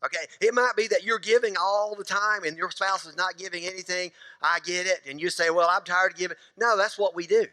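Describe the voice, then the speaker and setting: A middle-aged man preaches in a church, playful and conversational, slipping into quick little voices for husbands and wives. His voice sits high and bright. The sound is close and dry, but a long reverb from the sanctuary trails after him. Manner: conversational, joking preacher acting out little scenes. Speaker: pastor. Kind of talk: sermon.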